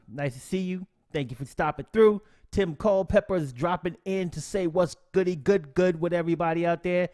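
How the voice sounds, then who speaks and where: Upbeat male streamer, slightly high pitch, slangy and animated, casual tutorial host. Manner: animated, slangy shout-outs to chat. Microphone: desk mic, no camera.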